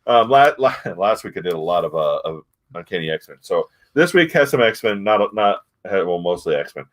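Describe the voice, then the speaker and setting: A man's voice: low voice, sing-song, moderate pace. A man casually reviewing comic books, rambling with many fillers and restarts.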